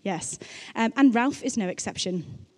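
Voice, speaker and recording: A woman's voice: a little high, a little slow. A woman giving a sermon in a chatty, anecdotal way, with playful asides between her points. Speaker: preacher. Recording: long reverb of a large hall.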